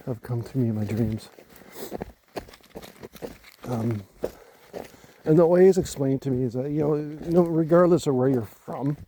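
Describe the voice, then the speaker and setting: A man from Canada talking casually to his phone in the woods at night, halting and musing as he repeats words while gathering his thoughts. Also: mid-range voice, dark tone, a little hiss or hum. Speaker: vlogger. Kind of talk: casual rambling talk to camera. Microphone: handheld phone.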